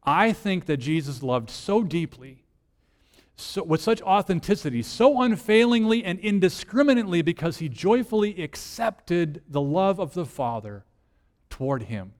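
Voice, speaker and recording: A lead minister giving a conversational sermon, asking rhetorical questions and swinging between soft, hushed lines and emphatic ones. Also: male voice, high voice, big pitch swings, normal speed, long reverb tail.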